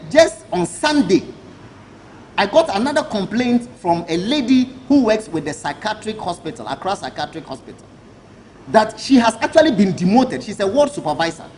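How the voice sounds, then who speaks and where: A man's voice: sits high, slight background noise, poor audio. A man with a Ghanaian accent, a government minister giving an emphatic press briefing speech full of rhetorical questions. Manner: emphatic, rhetorical questions, chuckles while telling anecdotes.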